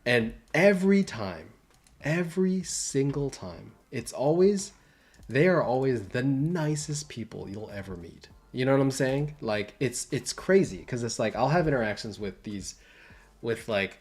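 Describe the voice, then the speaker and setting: A man's voice: mid-range voice, lively intonation, a little slow. A young adult man talking casually on a livestream, rambling with many fillers and restarts. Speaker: livestream host and entertainment designer.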